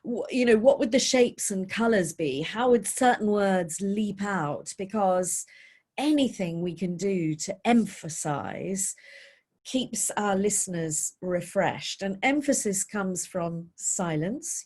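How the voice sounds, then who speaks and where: A British woman, a voice coach, giving expressive advice in a webinar question-and-answer session. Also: mid-range voice, slow, slightly rough.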